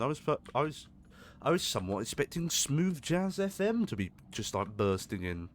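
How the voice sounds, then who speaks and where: A man's voice: medium pitch, sing-song, moderate pace, a little hiss or hum. A man giving casual gameplay commentary, chatty and jokey, swearing when startled. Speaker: gaming streamer.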